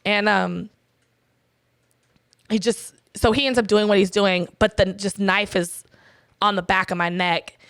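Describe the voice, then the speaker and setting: Blunt young woman with a gravelly voice. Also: medium pitch, fairly even intonation, measured pace, pauses often, a bit bright, no room sound, clean studio sound. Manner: blunt, profane, quotes herself and others. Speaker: guest. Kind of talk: candid personal storytelling.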